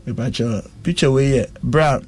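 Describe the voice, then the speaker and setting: A man recounting a personal ordeal in conversation, speaking slowly and earnestly. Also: mid-range voice, darkish tone. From West Africa. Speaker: interviewee.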